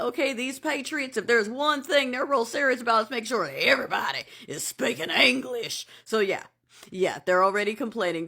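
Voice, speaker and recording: A woman's voice: a little high, a bit bright. A woman giving casual vlog commentary in a sassy, sarcastic way, calling the viewer darling.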